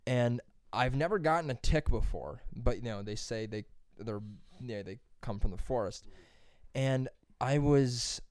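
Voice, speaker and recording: A man's voice: mid-range voice, a little slow, clear, resonant tone, dry recording. A young man telling a long, rambling story in casual podcast chat, swearing often and acting out what people said. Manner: rambling, profane, animated when quoting.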